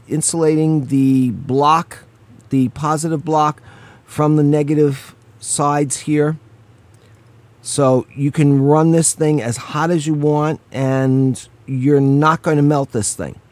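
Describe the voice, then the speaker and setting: A man reviews a small gadget at his own pace, slow and unhurried, with a voice sitting a little high for a man. He talks the viewer through each step in a loose, chatty way and stops now and then to apologize for small slips. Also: a little mellow, no room sound. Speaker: product reviewer. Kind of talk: hands-on product review.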